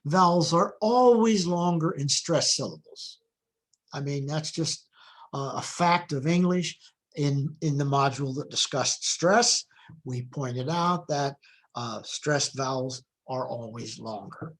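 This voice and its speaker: A middle-aged man lecturing in a recorded class, his voice sitting a little high for a man. He explains step by step in a measured, patient way, pausing on fillers and rephrasing himself as he goes. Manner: measured explanatory delivery with frequent self-corrections. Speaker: phonology lecturer.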